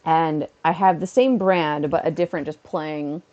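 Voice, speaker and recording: A woman's voice: sits low, steady tone, moderate pace, a little mellow, highs cut off. A woman chatting casually on a home stream, giggling at her own jokes. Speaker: live streamer and teacher.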